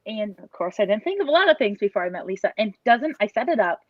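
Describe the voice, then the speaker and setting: A woman's voice: mid-range voice, big pitch swings, quick pace, no room sound. Earnest woman in her thirties sharing a personal story over a video call; dry, dull lo-fi audio. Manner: earnest, rambling with restarts and quoted inner thoughts. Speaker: parent giving a testimonial. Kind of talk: emotional personal story, casual.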